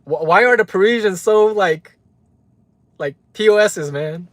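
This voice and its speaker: A man's voice: sits high, unhurried, no room sound. A man from Los Angeles hosting a live stream, ranting heatedly and often profanely to his chat and reading out viewers' names. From Los Angeles, United States. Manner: heated, profane, repeats "right?" for emphasis. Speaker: livestream host.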